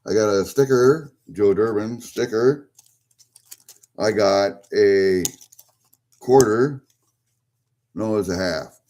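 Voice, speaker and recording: A man with a lowish, darkish voice talks slowly and pauses often as he opens packages. This vlogger mutters and rambles to himself in casual unboxing commentary.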